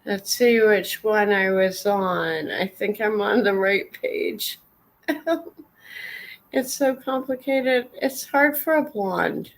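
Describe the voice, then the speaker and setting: Slow, emotional woman chatting live. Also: mid-range voice, creaky, low-quality recording. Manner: slow, emotional, halting with many apologies. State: tearful. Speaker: livestream host. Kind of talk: casual livestream chat.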